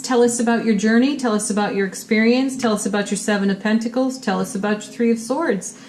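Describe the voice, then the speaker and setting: A woman's voice: fairly high pitch, quick pace, darkish tone, a little hiss or hum. A woman giving a monthly tarot reading to her viewers in an upbeat, encouraging way, full of spiritual phrasing. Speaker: tarot reader.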